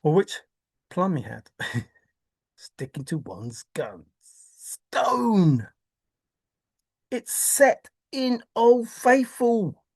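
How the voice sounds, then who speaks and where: A woman's voice: mid-range voice, sing-song, takes it slowly, a little mellow, slightly rough. Theatrical woman with a swooping voice. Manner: theatrical, exclaiming, mock-despairing, repetitive. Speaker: treasure hunt video maker. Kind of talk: excited solo monologue.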